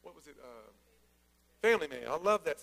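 A man preaching a sermon, energetic and conversational, with joking asides. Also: fairly high pitch, fairly quick, vocal fry. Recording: long hall reverb.

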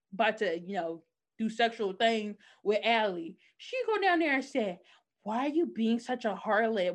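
This woman's voice sits on the high side as she animatedly retells a TV episode in casual conversation. She performs the quotes, switching voices for each character.

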